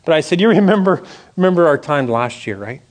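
A man in his forties giving a sermon testimony, telling an earnest story and dropping to hushed tones at serious moments. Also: a little high, expressive, fairly quick. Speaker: church speaker sharing a testimony.

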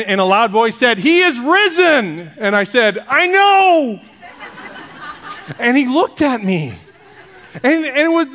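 High-voiced male pastor joking. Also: a bit bright. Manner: conversational, joking with the congregation. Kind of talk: sermon.

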